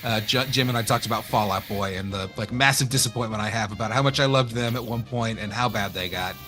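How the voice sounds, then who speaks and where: A man with an East Texas accent, co-hosting a casual game stream, reading chat aloud and joking with a lively, laughing manner. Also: fairly low pitch, fast talker, faint music behind. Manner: animated, jokey, laughs often, reads chat aloud.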